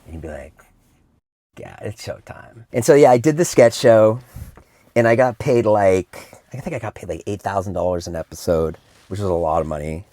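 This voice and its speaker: A middle-aged man vlogging in a casual sit-down chat, telling stories in an animated way and slipping into quick impressions. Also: fairly low pitch, no echo. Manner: chatty and animated, slips into impressions. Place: indoor room.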